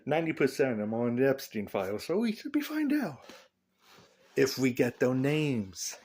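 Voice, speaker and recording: A man's voice: medium pitch, very animated, normal speed, a little mellow, breathy edge. A man vlogging a casual, rambling opinion rant, joking and laughing at his own lines.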